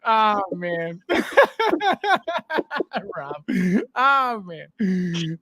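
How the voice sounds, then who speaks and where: High-voiced guy hosting a live chat, bright voice, swings up and down a lot, dry close sound. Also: drawn-out words, dry recording. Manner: animated, laughs often, greets viewers. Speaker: podcast host. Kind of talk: casual livestream chat.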